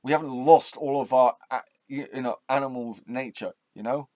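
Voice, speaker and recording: A man hosting his own channel, delivering a passionate, swearing rant that drops to quiet musing and then flares up loud, with halting restarts when he thinks aloud. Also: medium pitch, no room sound. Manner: swearing, impassioned, swings between quiet and loud. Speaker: channel host. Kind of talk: ranting vlog monologue.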